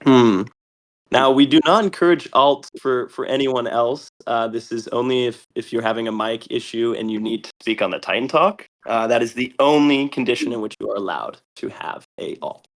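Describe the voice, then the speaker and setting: A young man hosting a live game stream, calling out the action excitedly and often tripping over his words with quick restarts. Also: medium pitch. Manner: excitable, shouts and laughs often. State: a bit out of breath. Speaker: host.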